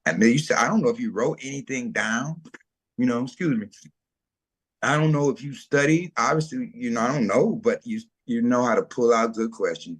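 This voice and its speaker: Animated storytelling man, slangy and lively. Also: mid-range voice, fairly quick, slightly rough. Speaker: food truck owner, guest. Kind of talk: casual storytelling interview.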